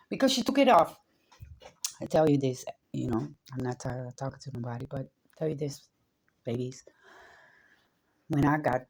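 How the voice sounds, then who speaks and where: A woman podcaster in a rambling monologue, laughing often and swinging between low murmurs and loud excited bursts. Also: slight background noise, poor audio.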